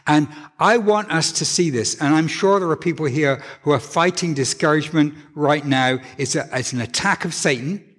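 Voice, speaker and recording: A man's voice: a little high, moderate pace, few pauses, in a large hall. A male pastor giving an earnest, conversational sermon in a church, often restarting his sentences. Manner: earnest, animated, with frequent restarts.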